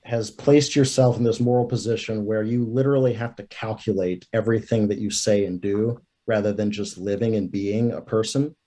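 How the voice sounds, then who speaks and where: A man's voice: on the low side, steady tone, moderate pace, hardly any pauses, warm tone. A man guest on a podcast, talking politics in a rambling, self-correcting way. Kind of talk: casual political chat.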